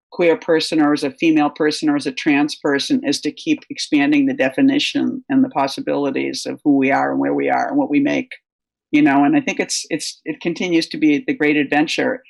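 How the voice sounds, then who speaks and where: Older female writer, low and gravelly, loose anecdotal interview talk. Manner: anecdotal, rambling, many fillers. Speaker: guest writer. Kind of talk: conversational interview answers.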